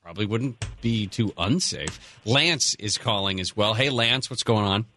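A man hosting a radio call-in show, taking callers with quick, joking banter. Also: on the low side, animated, pushed and bright, a little hiss or hum. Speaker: radio host.

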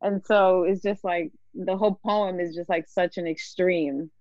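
A woman hosts a relaxed podcast, chatting with a close friend and reading poetry aloud. She laughs easily and wanders through her thoughts. The recording is dry and a little muffled. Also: on the low side, unhurried, no room sound. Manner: laughs often, fillers and restarts. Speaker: podcast host. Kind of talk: casual chat and poetry reading.

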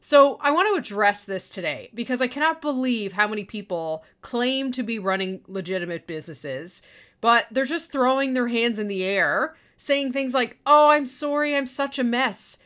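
A middle-aged woman with a fairly high, expressive voice and a fairly bright tone rants at a moderate pace on her solo show. A podcast host who owns an online course business, she bluntly and profanely tears into people who make excuses and don't deliver, swearing freely and mimicking their excuses in a whiny voice.

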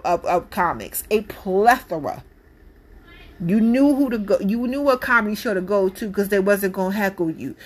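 Mom ranting her take straight to camera, blunt and fired up, says things over and over to hammer it home. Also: medium pitch. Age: adult parent. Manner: emphatic, repetitive, blunt and passionate. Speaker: commentator giving her opinion. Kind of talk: casual opinion monologue.

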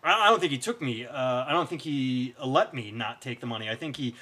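A man's voice: mid-range voice, expressive, brisk, pushed and bright. A man, a stand-up comic and podcast co-host, telling stories in casual, rambling, profane chat. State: hiccups.

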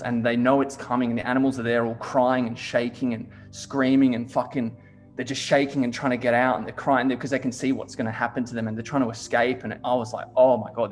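A young man, talking in a casual chat. He tells stories animatedly, fills his speech with "like" and swears often. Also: medium pitch. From Australia. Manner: swears a lot, heavy use of "like", animated storytelling.

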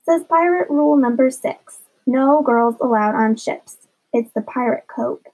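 Woman voicing an excitable young boy. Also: high voice, unhurried, husky, heavily acted. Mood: eager. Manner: eager, excitable. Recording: dull lo-fi recording.

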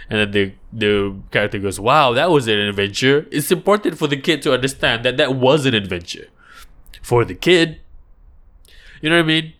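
A man's voice: medium pitch, fairly bright tone. Guy just rambling on casually, medium voice, lots of restarts, talking it through. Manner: rambling, thinking aloud with restarts and mock voices. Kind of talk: casual monologue.

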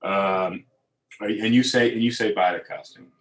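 A man's voice: fairly low pitch, fairly even intonation, measured pace, a bit bright. A man co-hosting a casual chat, telling stories with crude jokes and repeated words.

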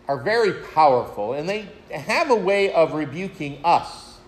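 A man's voice: on the high side, a little hiss or hum. A man preaching a sermon, retelling a story in a reflective way and addressing his listeners as friends. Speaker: pastor.

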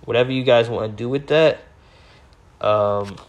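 A young man casually commenting on celebrity news. His voice is getting hoarse, and he rambles and stammers, often correcting himself. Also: mid-range voice, normal speed. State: voice going hoarse. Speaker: host reading celebrity news.

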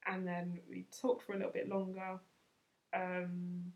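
A woman in her twenties hosts a podcast and tells a personal story in a relaxed, casual way. She sounds chatty and pokes fun at herself, and her voice sits at a middle pitch. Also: unhurried. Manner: chatty and self-mocking, laughs often. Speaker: podcast host.

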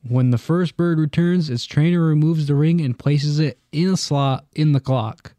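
A man's voice: on the high side, moderate pace, dry recording. A man co-hosting a casual podcast, swearing freely and reading facts aloud in a plain reading tone. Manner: profane, reads facts aloud in a flat reading tone. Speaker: podcast co-host. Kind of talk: casual chat.

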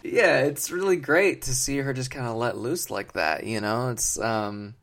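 A man co-hosting a comedy podcast, rambling on in a mock-earnest, deadpan way with many fillers. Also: medium pitch, unhurried, creaky. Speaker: podcast co-host.

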